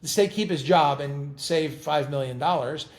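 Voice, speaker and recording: A middle-aged man chatting as an interview guest, telling animated stories and often repeating words as he talks. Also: fairly high pitch, normal speed. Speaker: guest actor. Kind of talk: casual interview chat.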